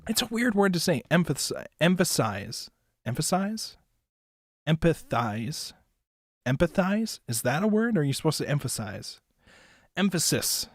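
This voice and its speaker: A man's voice: sits high, big pitch swings, a little fast, no echo, studio quality. A young man giving casual, rambling anime commentary, loose and chatty, with lots of filler words and swearing. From United States. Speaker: anime reviewer and streamer.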